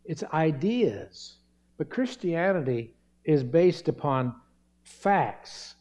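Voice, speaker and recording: Earnest preaching man, mellow voice. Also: fairly high pitch, very animated, takes it slowly. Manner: earnest, emphatic preaching with stressed words. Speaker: pastor. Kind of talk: sermon.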